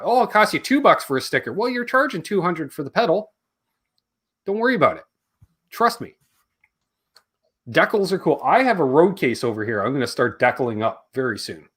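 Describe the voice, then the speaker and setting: A man's voice: on the high side, a bit bright. A man hosting a casual livestream chat with a Canadian accent, loose and joking, swearing freely. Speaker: host.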